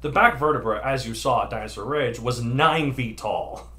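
A man's voice: medium pitch, normal speed, pushed and bright. A young American man hosting a casual podcast, rambling and hedging with frequent self-corrections. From United States. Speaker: podcast host.

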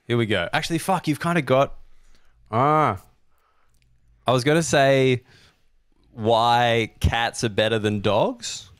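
A man's voice: medium pitch, steady tone, slow pace, long pauses, clean tone, no room sound, studio quality. An Australian man co-hosting a comedy chat show on a video call, rambling loosely with lots of fillers and swearing. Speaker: co-host.

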